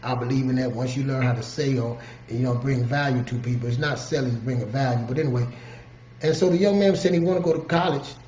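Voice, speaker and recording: A man's voice: medium pitch, steady tone, fast talker, darkish tone, slight background noise. A man speaking earnestly and conversationally, telling motivational stories from his own life and often checking in with the listener. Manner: earnest, conversational, frequent "you know what I'm saying". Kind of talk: motivational storytelling. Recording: roomy, slightly dull recording with faint ambience.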